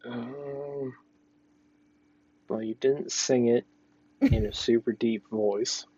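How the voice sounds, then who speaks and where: A man's voice: mid-range voice, fairly even intonation, very slow, mellow, husky, dry recording, highs cut off. A man in a casual chat, hesitantly guessing quiz answers.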